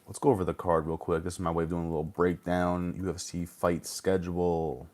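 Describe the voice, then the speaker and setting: A man's voice: deep voice, little pitch movement, a little fast, darkish tone. A young man with a sore throat hosting a casual gaming livestream, rambling and cursing as he chats. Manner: rambling, profane, jokey. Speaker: livestream host. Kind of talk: casual streaming chat.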